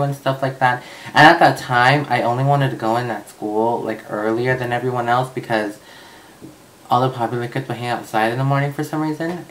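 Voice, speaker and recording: A man's voice: medium pitch, fairly bright tone, a little hiss or hum, low-quality recording. A young man vlogging, telling a personal story in a casual, chatty way with lots of fillers and swearing.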